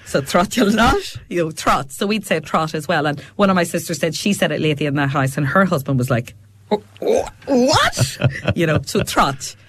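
A middle-aged woman from Fermanagh, Northern Ireland, speaks as a radio guest in a studio, her Fermanagh accent carrying a low-pitched, brisk voice with hardly any pauses. Over slight background noise, she chats casually, telling family stories and laughing often.

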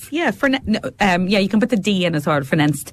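A woman's voice: mid-range voice, lively intonation, fast, dry recording. A middle-aged woman with a Fermanagh accent, chatting as a radio guest in a studio, telling family stories and laughing often. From Fermanagh, Northern Ireland. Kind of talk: casual chat.

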